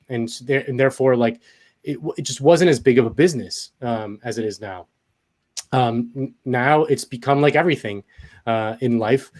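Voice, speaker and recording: A man talking casually as a guest, hesitant, with many fillers and restarts. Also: mid-range voice. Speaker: guest commentator. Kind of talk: casual conversation.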